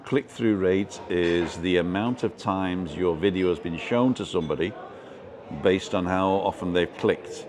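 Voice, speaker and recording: Man, UK, deep voice, relaxing, casual live stream host, chatty. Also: darkish tone. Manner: chatty, rambling, reading out viewer comments.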